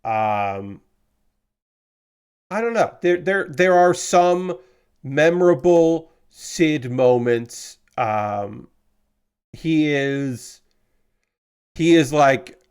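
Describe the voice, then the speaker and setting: Man, livestream host, casual chat, lots of ums and uhs, smooth resonant voice, slightly high. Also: lively intonation, darkish tone. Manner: halting, heavy on filler words.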